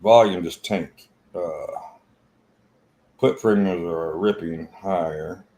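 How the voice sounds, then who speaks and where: A low-pitched man with a blunt, cussing way of talking. He co-hosts a casual live trading stream and tells stories by acting out quoted lines. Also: takes it slowly, warm tone, poor audio.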